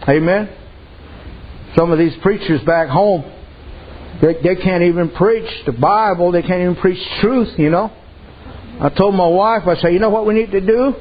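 Folksy high-voiced preacher on a dull recording. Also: male voice, normal speed, long pauses, husky. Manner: folksy storytelling preacher, repeats "I said". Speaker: pastor. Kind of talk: sermon.

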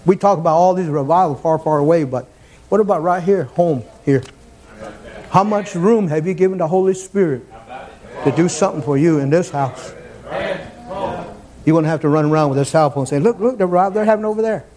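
A male preacher delivers a fervent sermon in a church. His voice sits fairly high and pushes upward into shouts as he drives his points home. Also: normal speed, long pauses.

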